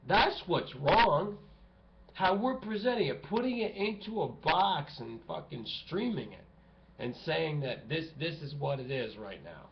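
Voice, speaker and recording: A man's voice: very animated, normal speed, vocal fry. A man rambling and ranting to camera in a vlog, cursing often and restarting his sentences. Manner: profane, agitated, rambling with many restarts. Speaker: vlogger. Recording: muffled low-fi home recording with faint hiss.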